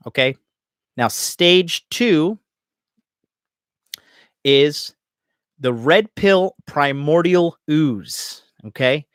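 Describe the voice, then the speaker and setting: A man's voice: mid-range voice, no room sound, clean studio sound. A man hosting a dating podcast, talking casually and emphatically to viewers, swearing freely. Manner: profane, emphatic, acts out inner voices.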